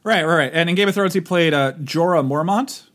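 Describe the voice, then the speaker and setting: A man co-hosting a casual chat, animated and rambling, his voice jumping up when he gets excited. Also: on the high side, fairly quick. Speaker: podcast co-host.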